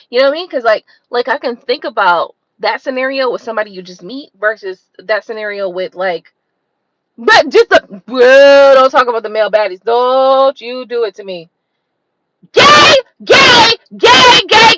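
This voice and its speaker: Female host, unscripted rant, blunt and exasperated; very lively high voice. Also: no echo, poor audio. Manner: blunt, profane, exasperated ranting with rhetorical questions. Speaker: tarot reader and channel host.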